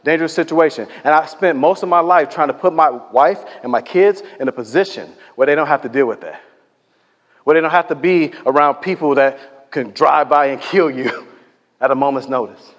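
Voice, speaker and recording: A man preaching in a church, his fairly high voice carried by a long hall echo. He tells stories in a loose, conversational way and acts out the people he quotes. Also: moderate pace, dull audio. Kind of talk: sermon. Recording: echoey hall reverb.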